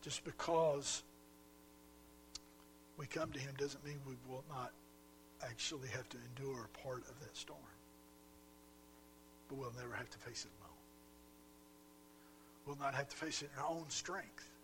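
A man preaching a sermon as pastor, swinging between loud emphatic pushes and quiet drops, with a faint mains hum behind. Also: mid-range voice, measured pace, pauses often.

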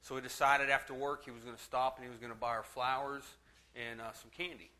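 Bright-voiced joking pastor. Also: male voice, mid-range voice, little pitch movement, quick pace. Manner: chatty and joking with the congregation, laughing easily. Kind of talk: sermon with humor. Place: church.

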